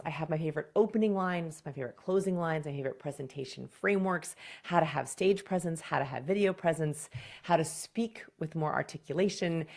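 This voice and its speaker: A woman communication coach with a low, creaky voice offers presentation advice in a scripted video. She's direct and punchy, illustrating points with quick acted examples.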